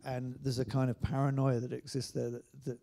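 Very dark-voiced hesitant man. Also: mid-range voice, flat delivery, fairly quick, creaky, a little hiss or hum. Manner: hesitant, with frequent restarts and fillers. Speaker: writer-director guest. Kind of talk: onstage panel discussion.

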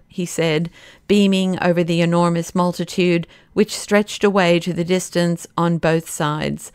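A woman reading an audiobook in a measured storytelling manner. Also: lowish voice, steady tone, a little mellow, clear, resonant tone, no echo, studio quality. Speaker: audiobook narrator. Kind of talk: scripted audiobook narration.

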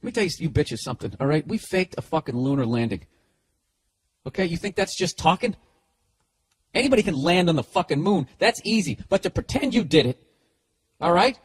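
Husky, ranting middle-aged man. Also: mid-range voice. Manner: profane, sarcastic, rambling rant. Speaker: podcast host. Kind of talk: ranting comedic monologue.

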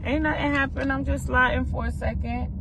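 A woman filming a casual vlog, talking to viewers in a relaxed, chatty way full of slang. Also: high voice, a little fast. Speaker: vlogger. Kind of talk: casual vlog chat to camera. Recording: loud outdoor and car noise. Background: traffic and street noise.

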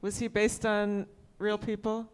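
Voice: mid-range voice, completely flat delivery, measured pace, clear, resonant tone. A moderator hosting an audience Q&A, politely reading out questions.

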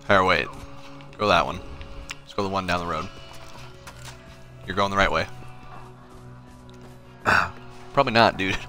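A low-voiced man chats and swears loudly while playing a co-op shooter with friends. It's casual gameplay talk, full of quick outbursts and laughter.

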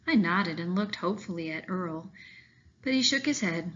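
A woman teacher reading a children's novel aloud to her class, expressive and voicing the characters lightly. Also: fairly low pitch, normal speed, muffled recording, slight background noise.

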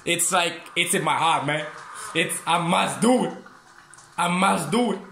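A man giving excitable, swearing commentary over a horror game. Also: fairly high pitch, unhurried, vocal fry, echoey room, a little hiss or hum. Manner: excitable, swearing, yelps and laughs. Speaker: gaming streamer. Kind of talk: casual gameplay commentary.

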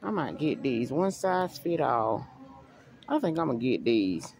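A woman's voice: very deep voice, very animated, unhurried, a little mellow, poor audio. A middle-aged woman chatting to her viewers as she browses a large store, thinking aloud about what to buy. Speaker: vlogger. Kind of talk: casual shopping vlog talk to viewers. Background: store ambience.

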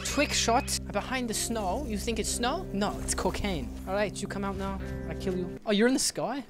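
A woman gaming streamer giving excitable gameplay commentary, with loud outbursts, swearing and jokes. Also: mid-range voice, normal speed. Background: background music.

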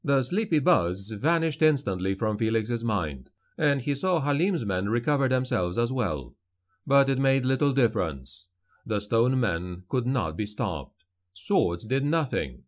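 A man reads a dark fantasy tale with dramatic, measured delivery. His pitch moves widely, lifting and falling with the action. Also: big pitch swings. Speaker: audiobook narrator. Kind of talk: dramatic fantasy audiobook narration.

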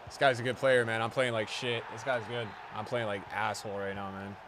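A young man giving live commentary on his own football video game match to his chat, excitable, swearing often and yelling at big plays. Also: fairly low pitch, a little fast, noisy background. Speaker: game streamer.

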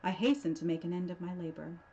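A woman on the library staff giving a measured, theatrical reading of a horror tale. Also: lowish voice, dark tone, slight background noise. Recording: dull lo-fi recording.

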